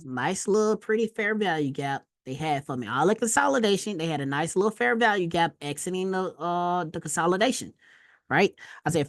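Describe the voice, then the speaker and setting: A woman teaching a casual trading lesson over a screen share, slangy and animated, telling stories with loud exclamations. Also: lowish voice, brisk, no room sound, studio quality. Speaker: trading instructor.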